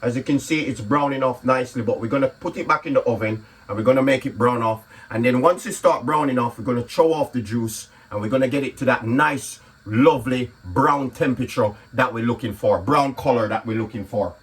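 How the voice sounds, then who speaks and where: A man with a slightly husky voice chats his way through a home cooking video, explaining each step. He keeps checking in with a quick "okay?" and stays relaxed and talkative in his own kitchen. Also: medium pitch. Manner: chatty, repeats "okay?" often. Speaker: comedian and cooking vlogger. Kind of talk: casual cooking vlog chat.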